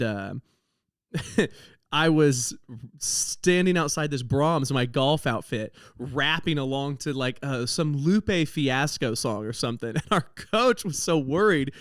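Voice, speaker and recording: A man's voice: medium pitch, dry recording, studio quality. A man who hosts a comedy podcast, telling stories in a rambling way and breaking into laughter mid-sentence. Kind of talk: comedic storytelling monologue.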